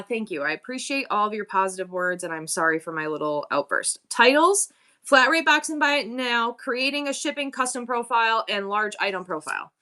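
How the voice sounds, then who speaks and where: Woman, livestream host, fairly high voice, bright tone, blunt and rambling, candid. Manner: candid, rambling, emotional talk with many restarts; blunt and swears freely. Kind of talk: casual livestream chat.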